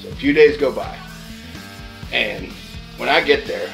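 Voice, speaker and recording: A man's voice: medium pitch, expressive, measured pace, creaky, pauses often, over music, poor audio. Chatty man telling a story. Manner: chatty, full of "like" fillers, acts out the quotes. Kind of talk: casual spoken anecdote.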